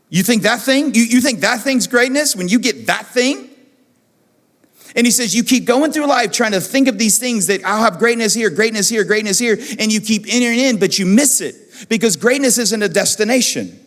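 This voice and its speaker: A man preaching as pastor, animated and repeating phrases for emphasis, in a church auditorium. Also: high-pitched, moderate pace. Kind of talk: sermon. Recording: long church hall reverb.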